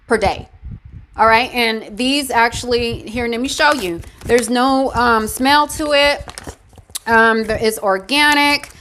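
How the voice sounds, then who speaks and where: Encouraging woman health vlogger, slightly high voice. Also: fairly bright tone, slight background noise. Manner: encouraging, repetitive, emphatic. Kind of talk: casual talk to camera.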